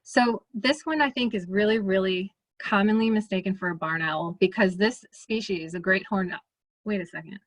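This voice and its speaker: A woman with a Midwestern American accent, an ornithologist giving a relaxed, chatty presentation over a video call, full of fillers and restarts. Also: medium pitch, moderate pace, no echo. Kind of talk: casual presentation.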